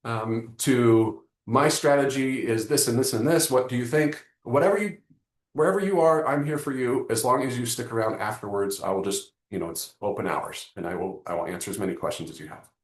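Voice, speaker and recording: A man hosting a live online marketing lesson, joking and talking straight to his audience in an animated way. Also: mid-range voice, brisk, echoey room. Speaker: webinar host.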